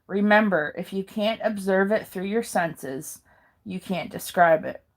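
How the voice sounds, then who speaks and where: A woman reading handouts aloud in a careful, halting way, pausing and correcting herself now and then. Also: mid-range voice. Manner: slow careful reading with pauses and self-corrections. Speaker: video maker.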